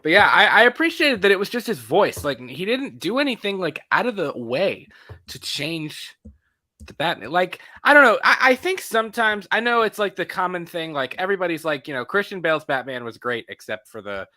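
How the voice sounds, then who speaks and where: Animated, bright-voiced man chatting casually. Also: sits high, fairly quick, no echo. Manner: laughs often, trails off and restarts, puts on a gravelly movie voice as a joke. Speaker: podcast co-host. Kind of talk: casual chat.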